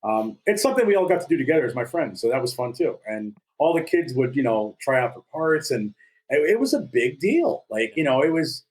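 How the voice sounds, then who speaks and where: A man's voice: medium pitch, big pitch swings, a little fast, a little mellow, poor audio. A man around fifty from North Dakota, co-hosting a podcast in casual chat, telling stories in a jokey, self-deprecating way. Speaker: podcast co-host.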